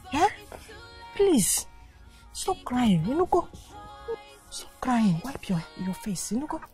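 A woman's voice: fairly high pitch, very animated, slow, dark tone, faint music behind. A Nigerian actress playing a poor mother who firmly coaxes her crying daughter to go away. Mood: coaxing. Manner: coaxing yet firm, persuasive.

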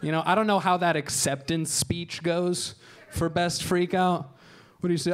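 A man in his thirties tells stand-up stories in a fairly high voice. His delivery is dry and deadpan, with crude asides, and he slips into voices for the people he quotes. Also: normal speed, clear, resonant tone. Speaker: stand-up comedian. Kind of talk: stand-up storytelling. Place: comedy show stage.

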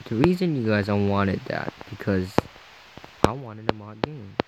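A vlogger tells a frustrated, rambling story to camera as a casual rant, leaning heavily on "like" and "you know" and acting out both sides of a conversation. His voice is on the low side with lively intonation and a slightly slow pace, and the recording is muffled and very noisy.

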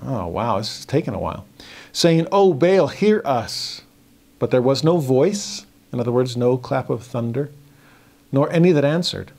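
A middle-aged man teaching a scripture study lesson, playful and animated, acting out sarcastic lines as he explains. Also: medium pitch, moderate pace, vocal fry.

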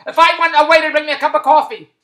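A high-pitched woman talks very fast in a pushed, bright voice with fairly even intonation. As a comedic monologuist, she rants in exasperation, stammering through restarts and repeating her questions, in an echoey room.

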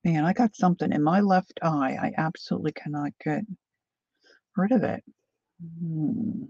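Gravelly-voiced woman chatting through a painting lesson. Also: deep voice, moderate pace, darkish tone, no echo, muffled recording. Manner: chatty, drifting into side stories while painting. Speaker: painting tutorial host. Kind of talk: casual painting demonstration.

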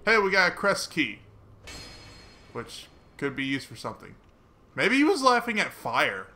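A man giving casual, chatty commentary while playing a video game, mocking himself and breaking into excited swearing. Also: on the high side, unhurried. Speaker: gaming let's player.

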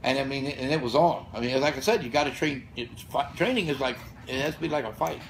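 A man's voice: medium pitch, fast, vocal fry, slight background noise, rough recording. A man in his sixties telling blunt, profane stories in casual podcast talk as the show's guest. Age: 60s. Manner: blunt, profane, fired-up storytelling. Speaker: podcast guest and gym founder. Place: gym or studio with room ambience.

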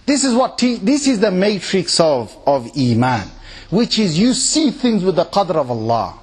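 A man giving a lecture at a mosque, talking animatedly and checking in with his listeners with quick questions. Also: sits high, slightly rough. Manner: animated, acts out quoted voices and laughs often. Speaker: Islamic lecturer.

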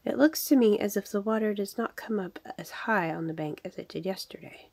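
Woman doing young male muskrat, curious, excited high calls, husky storybook voice. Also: a little fast. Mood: puzzled. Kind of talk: storybook read-aloud.

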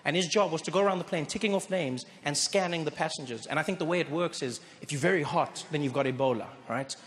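A man from doing animated stand-up storytelling, acting out the people in his story, live on stage. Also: fairly high pitch, fast. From South Africa. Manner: animated, acts out voices. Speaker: stand-up comedian. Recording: live show in an echoey hall with audience noise.

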